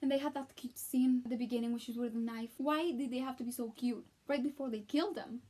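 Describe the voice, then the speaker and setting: A woman vlogger in a casual chat, excitable and gushing, acting out her own reactions as she talks. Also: fairly high pitch, fast. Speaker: vlogger reviewing a film.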